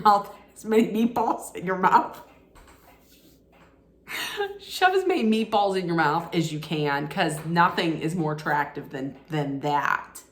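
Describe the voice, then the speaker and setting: A woman recapping a reality show in a casual, sarcastic way, laughing at her own jokes. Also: on the low side. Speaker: recap vlogger. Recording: echoey room.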